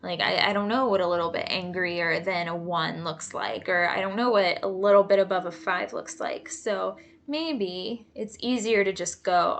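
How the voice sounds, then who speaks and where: A woman working as a creative arts therapist, explaining a coping exercise in a relaxed, chatty way with many fillers and asides. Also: on the low side, normal speed. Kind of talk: casual instructional talk.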